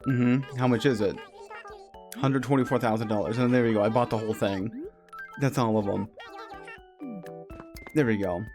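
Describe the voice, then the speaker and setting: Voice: medium pitch, moderate pace, long pauses. A game streamer chatting casually to viewers while playing, rambling and often correcting themselves, with faint game music behind. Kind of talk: casual live-stream commentary over gameplay.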